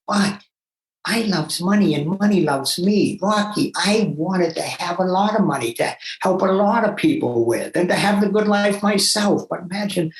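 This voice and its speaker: Older male guest, fairly high voice, emphatic storyteller, echoey room. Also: vocal fry. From Massachusetts, USA. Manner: animated and emphatic, with self-talk asides. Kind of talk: personal storytelling. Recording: roomy echo.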